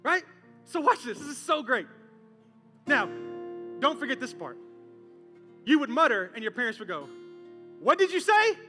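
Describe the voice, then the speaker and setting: A male pastor with a strikingly high, bright voice preaches from the stage, swinging between joking asides and hushed earnest points. His sermon rolls out into a large hall with a long tail of reverb, and soft music plays underneath. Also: normal speed, long pauses. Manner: animated, conversational and comic, acting out voices. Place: church stage.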